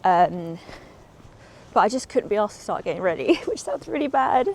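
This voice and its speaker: A woman's voice: mid-range voice, very animated, moderate pace, a little mellow, slight background noise. A woman, vlogging in a rambling, casual way while walking outdoors through a city, a little out of breath, on a clip-on mic. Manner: chatty and rambling, with frequent ums. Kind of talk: casual walk-and-talk vlog. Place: outdoors on city streets and transit. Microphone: small clip-on mic.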